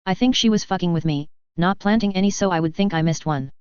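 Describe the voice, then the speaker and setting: A woman's voice: fairly low pitch, quick pace, clean tone, dry recording, muffled recording, lightly acted. A woman reading the lines of a blunt, swearing human male ambassador.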